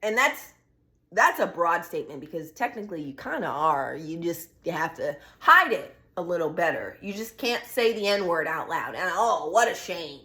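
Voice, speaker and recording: A woman's voice: a little high, sharp tone. A young woman vlogging in a casual, blunt style, ranting with heated profanity about a reality show. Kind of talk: casual opinion vlog.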